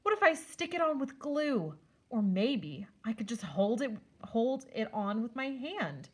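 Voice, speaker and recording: A woman's voice: fairly high pitch, very animated, unhurried. Woman voicing a proud, whiny kid god. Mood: upset. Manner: boastful then whiny, childlike. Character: young elephant-headed boy god, proud and sulky.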